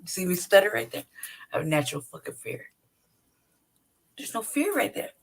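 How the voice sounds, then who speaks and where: Her voice is husky, medium in pitch, very animated, and moving at a moderate pace. She's a channel host giving a profane, no-holds-barred commentary rant, laughing as she goes. She keeps turning to the listener with a repeated "right?"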